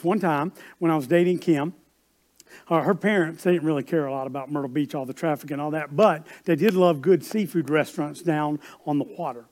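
A man preaching, his voice sitting a little higher than most men's. He talks in a relaxed, conversational way and then drives his points home with emphatic, louder lines. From South Carolina. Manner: conversational, building to emphatic peaks. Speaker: pastor. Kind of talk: sermon with storytelling.

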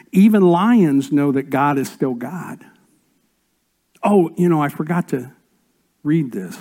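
Man preaching, warm voice, big dynamic swings. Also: high voice. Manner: swings between raised emphatic lines and soft whispered asides. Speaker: pastor. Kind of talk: sermon.

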